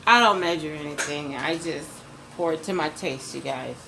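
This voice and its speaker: Low-pitched with vocal fry, a woman speaks at a moderate pace while cooking casually in her home kitchen for her vlog. She addresses viewers as "you guys" and says ingredient names again as she adds them, with background noise in the clip.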